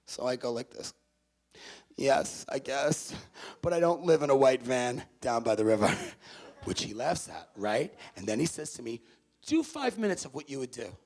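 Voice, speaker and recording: A man's voice: medium pitch, normal speed. A man from New City, a motivational speaker telling a story to students and acting out each character's voice. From New York City. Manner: animated, acts out every character's voice. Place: large hall with audience.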